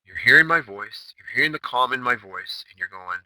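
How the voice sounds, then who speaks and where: A man's voice: mid-range voice, lively intonation, brisk, few pauses, pushed and bright, dry recording, rough recording. Brash man hosting a trading chatroom. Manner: brash, emphatic, rhetorical questions, profanity. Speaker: day-trading chatroom host. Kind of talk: recorded trading session recap.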